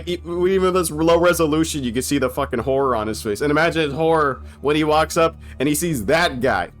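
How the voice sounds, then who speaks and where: A young man giving casual, excited commentary on an old film, slangy, swearing and laughing often. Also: a little high, brisk, few pauses, soft background music. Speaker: movie reaction commentator.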